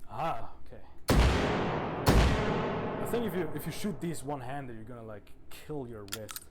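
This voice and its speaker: A man's voice: medium pitch, lively intonation, normal speed, long pauses, heavy background noise. A young man casually commenting on his gameplay, laid-back and swearing freely, laughing now and then. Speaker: streamer.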